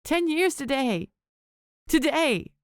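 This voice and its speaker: A woman's voice: sits high, expressive, slow, no room sound, studio quality, pitched above the performer's own voice, full character voice. A woman voicing a grieving schoolteacher in an audiobook, shaky, tearful and bitter. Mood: furious. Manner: bitter, raised, emotional pleading. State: crying, voice shaking.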